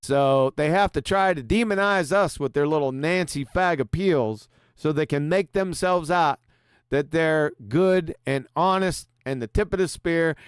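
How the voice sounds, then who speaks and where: High, lively-voiced profane stream host. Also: male voice, smooth, no room sound, studio quality. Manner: profane, mocking, laughs often. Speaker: livestream host. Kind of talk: combative livestream commentary, reading super chats.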